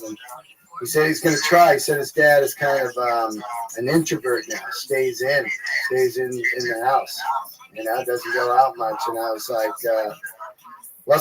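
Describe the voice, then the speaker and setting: A man's voice: medium pitch, poor audio. A man co-hosting a podcast, telling a story in casual, upbeat chat. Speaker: podcast co-host.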